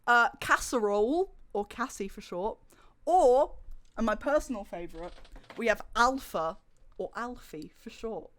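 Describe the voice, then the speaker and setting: A young woman livestreamer chatting casually to her viewers, telling stories with animated sarcasm. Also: a little high, measured pace. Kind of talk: casual stream chat.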